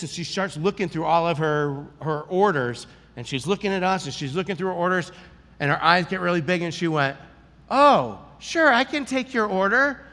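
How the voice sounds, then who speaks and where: Pastor, male, slightly high voice, lively joking storyteller, sermon in a reverberant church hall. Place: large church hall with audience.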